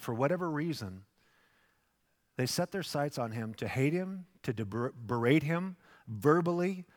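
A man in his fifties preaching a sermon with acted asides, swinging from loud bursts to hushed, soft passages. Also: medium pitch. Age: 50s. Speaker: pastor. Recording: long hall reverb.

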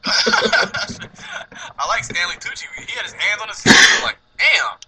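Bright, lively man swearing through movie chat. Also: high voice, measured pace, low-quality recording. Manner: animated, profane, laughs often. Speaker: podcast co-host.

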